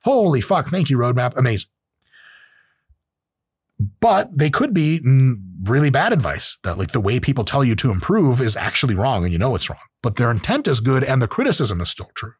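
A man's voice: medium pitch, big pitch swings, normal speed, slightly rough, no echo, clean studio sound. A man hosting a show, giving advice in a casual, profane, joking monologue. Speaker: podcast host.

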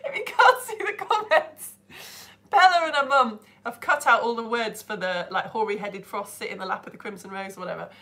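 A woman's voice: a little high, a little fast, bright, forceful tone. A young woman teaching online, chatting with viewers on a live stream, bubbly and laughing often as she greets people by name. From United Kingdom.

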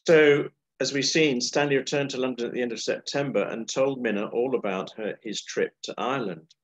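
A man delivers a history lecture, talking through his slides with wry, unhurried asides. His pitch sits in the ordinary middle range for a man. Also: rough recording.

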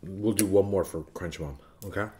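A man in his thirties hosting a family vlog, chatting gently and patiently with his child between bites of food. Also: low voice, normal speed. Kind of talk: casual family chat while eating.

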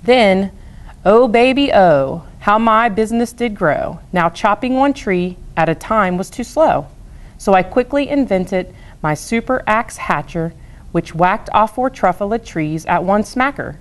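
A woman from a school staff reading a rhyming children's book aloud in a steady, rhythmic way. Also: mid-range voice, measured pace.

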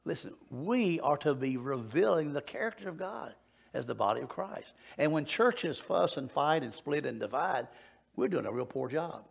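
Gravelly folksy pastor. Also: male voice, fairly high pitch, moderate pace. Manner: folksy, animated preaching with audience banter. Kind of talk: sermon. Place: church sanctuary.

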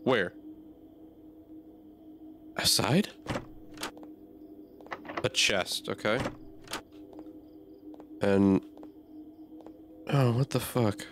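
Man, gamer, horror game commentary, jumpy, swears a lot, slow talker, faint background hiss. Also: on the low side.

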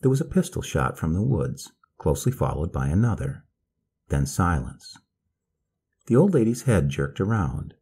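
Deep gravelly male storyteller. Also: big pitch swings, normal speed, a little mellow. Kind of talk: bedtime story reading.

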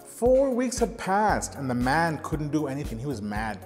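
A man's voice: a little high, huge pitch swings, normal speed, big-room sound, soft background music. A middle-aged man who teaches ceramics tells earnest stories in a documentary interview. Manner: earnest, storytelling with gestures.

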